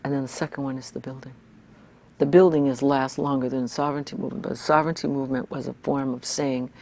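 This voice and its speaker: An older woman in an interview, talking bluntly and emphatically, building to fiery outbursts. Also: low voice. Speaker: interviewee, activist and scholar. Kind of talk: reflective interview talk.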